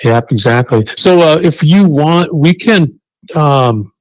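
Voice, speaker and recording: A man's voice: on the high side, animated, takes it slowly, a little mellow, no echo. A man appearing as a radio show guest, chatting casually and telling a hunting story in an easygoing way. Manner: easygoing storyteller, chuckles at his own hunting tale.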